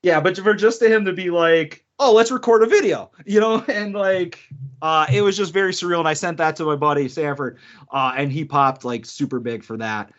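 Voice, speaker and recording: In casual podcast conversation, a co-host with a fairly high voice and moderate pace tells stories animatedly, laughing often and voicing the quotes. The sound is dull lo-fi podcast audio.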